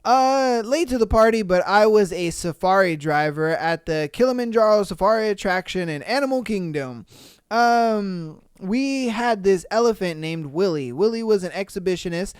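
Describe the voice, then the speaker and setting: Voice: medium pitch, expressive, moderate pace, clear, resonant tone, no echo, clean studio sound. A podcast host reading listener stories aloud and reacting with slangy, swearing, laugh-filled commentary.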